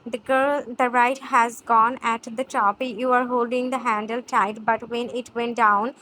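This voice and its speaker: A woman reading a fan fiction story aloud, halting with restarts and fillers. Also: a little high, flat delivery, sharp tone, slight background noise, low-quality recording. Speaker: narrator.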